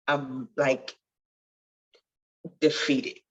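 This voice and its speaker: A woman's voice: very deep voice, level tone, extremely slow, highs cut off. A woman guest telling her life story in an earnest, testifying way that swells with feeling. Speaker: podcast guest, nurse. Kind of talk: emotional storytelling interview.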